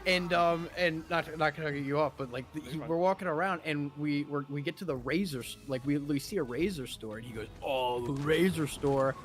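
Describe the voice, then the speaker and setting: A man's voice: on the high side, fast, hardly any pauses, faint music behind. A man telling a story in casual chat with friends, swearing freely and acting out what others said. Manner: animated, swears a lot, acts out quotes. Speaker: streamer.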